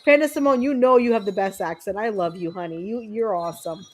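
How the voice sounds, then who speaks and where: A woman's voice: mid-range voice, brisk, poor audio. A woman streamer chatting casually with her viewers while playing a video game, upbeat and full of ums. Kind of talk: casual chat while gaming.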